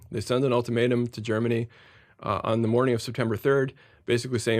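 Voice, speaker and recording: A middle-aged man, a historian guest, explaining at length in a measured way, often repeating words as he thinks. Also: medium pitch, steady tone, no echo, studio quality. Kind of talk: explanatory interview answers.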